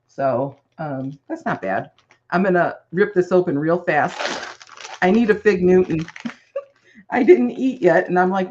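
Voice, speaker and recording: A woman's voice: on the low side, animated, unhurried, darkish tone, muffled recording, a little hiss or hum. A woman chatting casually while crafting, rambling through family stories with giggles.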